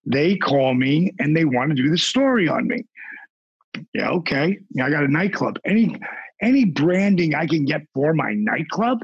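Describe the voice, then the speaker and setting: Gravelly-voiced man telling stories. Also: on the high side, moderate pace, no echo, highs cut off. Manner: animated, acts out voices in his stories. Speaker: podcast guest. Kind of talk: casual storytelling.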